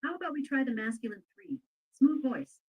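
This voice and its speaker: A synthetic woman's voice, pitched a little high, answers as a voice assistant. Her replies are polite, agreeable and steady. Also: fairly quick, husky, narrow, tinny audio.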